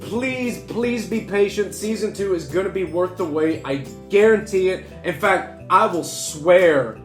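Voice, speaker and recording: A man's voice: high-pitched, measured pace, soft background music. A young man telling a long, swear-filled anecdote in a casual chat and acting out the voices in it. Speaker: co-host. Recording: echoey room.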